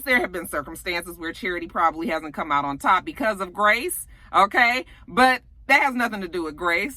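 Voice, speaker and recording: A woman's voice: fairly high pitch, bright, forceful tone, no echo. A woman giving a casual recap of a TV episode. She talks bluntly and profanely, with a sassy edge, and keeps checking in with "okay?". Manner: colloquial speech, often asks "okay?". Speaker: TV episode reviewer.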